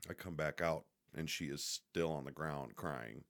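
A man's voice: rumbling low, measured pace, fairly bright tone. A man casually telling a rambling, profane, joking story to the camera.

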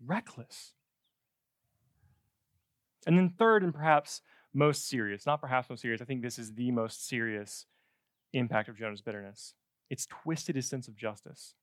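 A man preaching a sermon in a conversational, animated way, with joking asides. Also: mid-range voice, normal speed, dry recording, clean studio sound.

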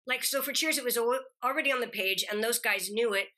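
A middle-aged woman, a guest actress chatting in an interview, telling stories and acting out quoted lines with lively energy. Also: fairly high pitch, fast. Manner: animated storyteller acting out quotes. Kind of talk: casual interview chat.

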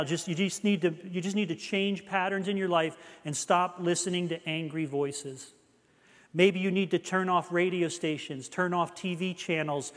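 A man's voice: fairly high pitch, long reverb tail. A middle-aged man preaching a sermon, telling a personal story in an earnest, confessional way.

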